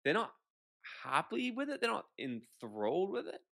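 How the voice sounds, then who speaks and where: Gravelly-voiced man telling a story. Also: high-pitched, wildly swooping pitch, normal speed, a bit bright. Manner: blunt, swears casually, acts out quotes. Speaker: podcast guest. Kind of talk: animated conversational storytelling.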